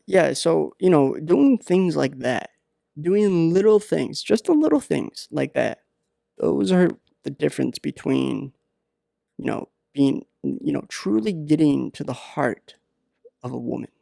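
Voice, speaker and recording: A man with a gravelly voice delivers comedic advice in a deadpan ramble, stalling on fillers as he goes. He sounds close and dry, hosting his own podcast. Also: on the high side, no room sound. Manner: rambling, halting, many fillers. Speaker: podcast host.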